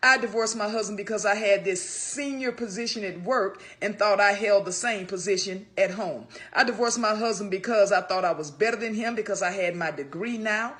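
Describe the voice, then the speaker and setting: Bright, blunt woman making a confession. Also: medium pitch, moderate pace, few pauses. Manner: emphatic, repetitive and profane. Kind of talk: confessional monologue.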